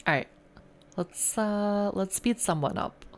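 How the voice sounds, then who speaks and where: A woman from the United States streaming a game, reading its text aloud in a calm, measured way and chatting casually between passages. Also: medium pitch, slight background noise.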